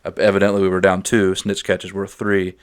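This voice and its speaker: A young man co-hosting a podcast, telling stories in an animated, casual way. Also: low voice, a little fast, clean tone. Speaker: podcast co-host. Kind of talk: casual storytelling.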